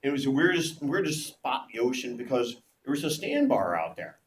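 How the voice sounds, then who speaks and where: A male teacher lecturing and spinning a story for his class, acting out the voices of the people in it. His voice rises and falls in a lively way as he talks. The room is echoey, with faint noise behind him. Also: medium pitch, brisk. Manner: animated storytelling, acts out voices.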